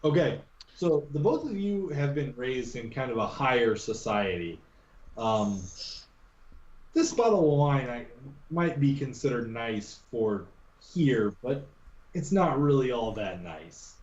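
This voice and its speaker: A man runs a tabletop game as its game master, narrating in a halting way and often restarting his sentences. The recording is muffled and echoes around the room. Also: mid-range voice, big pitch swings, darkish tone.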